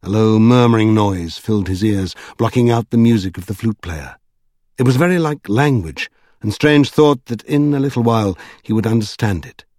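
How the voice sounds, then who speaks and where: A man narrating a novel aloud in a measured storytelling manner. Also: fairly low pitch, lively intonation, darkish tone, no echo, studio quality. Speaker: audiobook narrator. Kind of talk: scripted narration.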